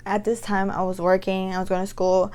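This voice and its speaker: A woman in her twenties telling a dramatic storytime to the camera, exasperated and animated as she recounts what happened. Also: mid-range voice, fairly quick, clear, resonant tone. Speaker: vlogger. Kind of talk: storytime vlog.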